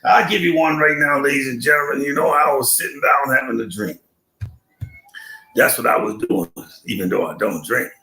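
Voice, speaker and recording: An older man hosting a live stream, chatting in slang, telling a comic story and giving shout-outs to his viewers. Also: medium pitch, moderate pace, reverberant. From Buffalo, New York.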